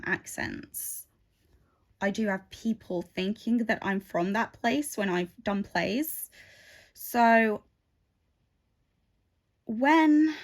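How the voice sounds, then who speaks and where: Chatty woman rambling while she stitches. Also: mid-range voice. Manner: rambling, chatty, with many asides. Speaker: craft vlogger. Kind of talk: casual chat while stitching. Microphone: phone.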